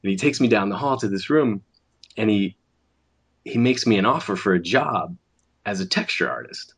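A man, an animator, telling a story in casual conversation, acting out the other people's lines with quick restarts. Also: fairly low pitch, husky. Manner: animated, acts out quoted voices, restarts often. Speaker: animator guest.

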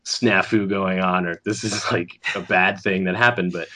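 A man, an animator, telling a story in casual conversation, acting out the other people's lines with quick restarts. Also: low-pitched. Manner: animated, acts out quoted voices, restarts often. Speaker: animator guest.

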